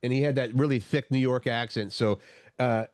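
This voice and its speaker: A man's voice: medium pitch, fairly even intonation, normal speed, darkish tone, dry recording, studio quality. A man co-hosting a morning show, chatting casually and searching for his words as he rambles along. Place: radio studio.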